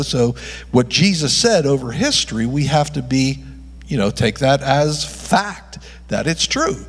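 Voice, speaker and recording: A man's voice: medium pitch, expressive, a little slow, slightly rough, big-room sound. A male pastor preaching a sermon, emphatic, tossing rhetorical questions at the congregation.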